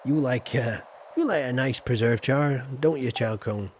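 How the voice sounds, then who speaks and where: A man's voice: medium pitch, unhurried, a little mellow, a little hiss or hum. A man giving rambling, jokey commentary while he streams a game. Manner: rambling, jokey, chatty asides. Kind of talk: casual gameplay commentary.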